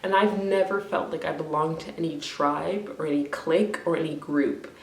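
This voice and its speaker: A woman's voice: low voice, moderate pace, gravelly, roomy sound, far from the mic. A woman ranting in an emotional vlog, crying, frustrated and rambling, swearing often. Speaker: vlogger.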